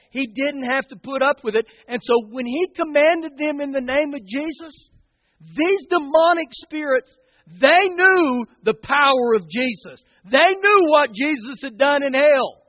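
A man's voice: very high voice, no echo, long reverb tail, muffled recording. A man preaching a sermon as pastor, talking to the congregation in a conversational way and often checking in with "okay?" and "guys".

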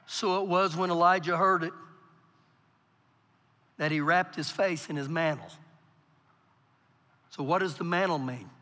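Man preaching, high voice, reverberant church hall. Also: a little slow, pauses often. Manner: preaching with big swings from quiet to loud. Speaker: pastor. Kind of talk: sermon.

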